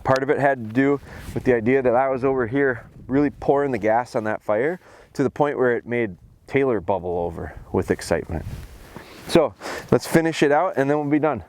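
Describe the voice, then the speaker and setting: A man training his bird dogs in a snowy field, explaining each step between commands. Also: brisk. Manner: calls dogs in a high excited voice, then explains calmly. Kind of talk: outdoor training commentary.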